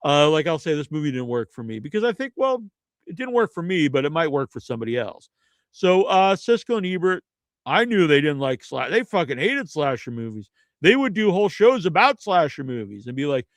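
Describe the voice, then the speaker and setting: A man's voice: a little high, lively intonation, moderate pace, dry recording. A man hosting a podcast, ranting in a casual, rambling and profane way. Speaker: podcast host. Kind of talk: casual rant.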